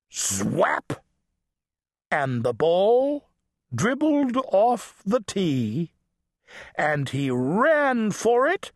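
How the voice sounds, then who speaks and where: A man narrating a children's picture book audiobook in an animated, playful read-aloud manner. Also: high voice, no room sound, studio quality.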